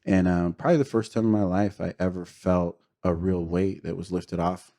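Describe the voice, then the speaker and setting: Deep-voiced man sharing a raw testimony. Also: steady tone, moderate pace, warm tone. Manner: earnest, confessional, with frequent fillers and short laughs. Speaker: podcast guest. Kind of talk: candid personal testimony.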